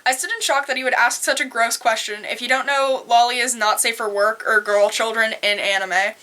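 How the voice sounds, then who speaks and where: A young woman reads posts aloud with an animated, blunt delivery and casual swearing. Her voice is bright and fairly high, with a crisp, forceful edge. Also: a little fast. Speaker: cosplayer reading posts aloud. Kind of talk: casual read-aloud and reaction.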